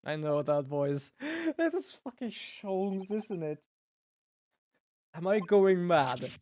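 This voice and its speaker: A man commenting excitably and profanely on a game playthrough. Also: high voice, slow pace, dry recording. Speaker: streamer.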